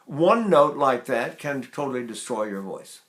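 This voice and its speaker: A man's voice: medium pitch, very animated, a little slow, fairly bright tone, roomy sound. An older male voice teacher giving a rambling, chatty lesson on singing technique, often breaking into short sung vowel demonstrations.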